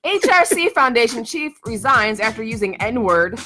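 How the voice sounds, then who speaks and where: A woman's voice: on the high side, big pitch swings, moderate pace, sharp tone, faint music behind. A woman co-hosting a podcast, reading news stories aloud in a dry, blunt way. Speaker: podcast co-host.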